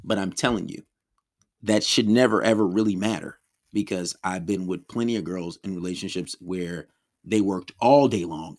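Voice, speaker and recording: Deep-voiced man coaching on relationships. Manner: loose and conversational, many ums and restarts, acts out clients' complaints. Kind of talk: casual spoken lesson.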